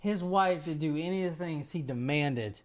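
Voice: medium pitch, moderate pace, background noise. A person telling a story to friends in a casual, rambling way, with many "like"s and "right?"s.

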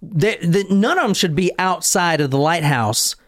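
A man hosting a casual podcast chat, excitable and quick to swear and laugh as he tells a story. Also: high-pitched, no room sound, studio quality. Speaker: podcast host.

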